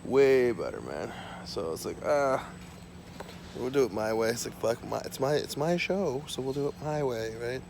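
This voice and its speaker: A man's voice: mid-range voice, lively intonation, moderate pace, creaky, a little mellow, slight background noise. A man rambling and ranting to his camera at home, profane and repetitive, drifting from topic to topic. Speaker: vlogger. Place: small home.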